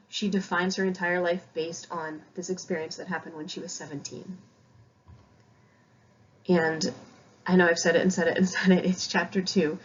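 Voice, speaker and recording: In a recorded lecture, a Connecticut woman who teaches high school English talks through a novel, chatty and poking fun at herself. The recording is muffled, with a little hiss or hum.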